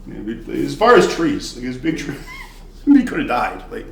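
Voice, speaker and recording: Animated male storyteller, lively profane delivery, roomy echo; casual comic podcast tale. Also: mid-range voice, measured pace, vocal fry, slight background noise. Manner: animated, profane, swings between loud and hushed. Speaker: podcast storyteller, former bartender. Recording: echoey room.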